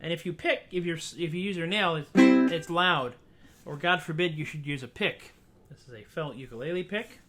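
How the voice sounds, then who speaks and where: A man's voice: fairly high pitch, moderate pace, music in the background. A man hosting a casual live stream, chatting between songs and joking about his own mistakes, with his ukulele playing along. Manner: self-deprecating, chatty, breaks off songs to joke. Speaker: singer-songwriter streaming a show. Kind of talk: casual livestream chat and singing with ukulele.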